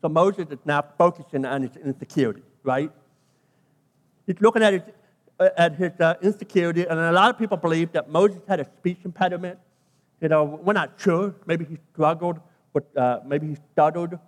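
Preaching at a fairly quick clip, a British pastor with a high voice drives home his sermon by repeating key phrases and drawing out words. A long reverb rings his emphatic delivery through a large hall.

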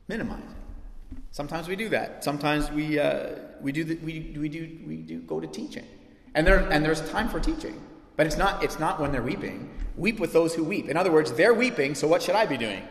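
A man preaching a sermon as pastor, animated and conversational, acting out little bits of dialogue and poking fun at himself. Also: fairly high pitch, fairly quick, creaky, roomy sound, in a large hall. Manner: animated, acts out short bits of dialogue, self-mocking asides.

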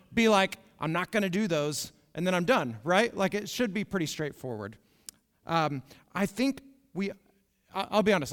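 A young man giving a casual, conversational sermon, often checking in with "right?" as he walks through the passage. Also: a little high. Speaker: preacher. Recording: long hall reverb.

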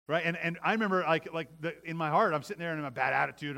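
A middle-aged pastor preaches with a bright, forceful tone, his pitch fairly high and his pace fast, with vocal fry and few pauses. The sermon is conversational, peppered with "right?" tag questions and many restarts.

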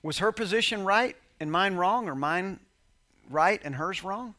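High-pitched and sharp in tone, the pastor speaks unhurriedly and with plenty of expression. He weaves a personal story into his sermon, voicing the characters' lines and joking around with his congregation.

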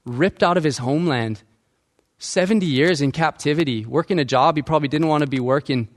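A man's voice: on the high side, brisk. A male pastor preaching a sermon, asking the congregation questions and acting out quoted lines.

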